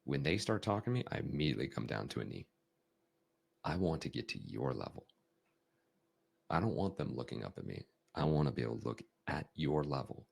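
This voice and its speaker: A man hosting a podcast, talking through ideas in a conversational coaching style, acting out emotions with big shifts in tone. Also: brisk. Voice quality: deep gravelly husky voice. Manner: animated, acts out emotions with big swings in tone. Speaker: podcast host.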